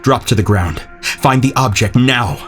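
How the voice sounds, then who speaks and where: A man's voice: medium pitch, moderate pace, faint music behind, close to an everyday voice. A man as a commanding inner voice. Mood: urgent. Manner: authoritative, urgent. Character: commanding inner voice, urgent protector.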